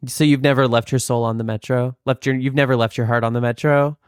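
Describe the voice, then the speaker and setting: A man's voice: mid-range voice, fairly even intonation, quick pace, few pauses, clear, resonant tone, no room sound, clean studio sound. Resonant-voiced male podcast host, theatrical. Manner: theatrical, profane, joking. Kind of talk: casual chat.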